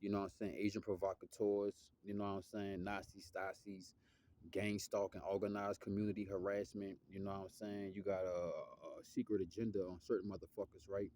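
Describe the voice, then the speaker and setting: A man's voice: flat delivery, fairly quick, warm tone, a little hiss or hum. A young man, talking in a loose, slangy, rambling monologue that drifts off topic. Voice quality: deep voice. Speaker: musician vlogger.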